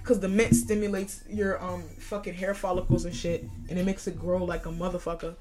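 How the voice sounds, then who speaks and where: A woman's voice: lowish voice, flat delivery, brisk, loud music behind the voice. A woman hosting a podcast, delivering a profane comedic rant and laughing often. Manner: profane, loud, laughs a lot, yells mid-story. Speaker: podcast host. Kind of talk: casual comedic monologue.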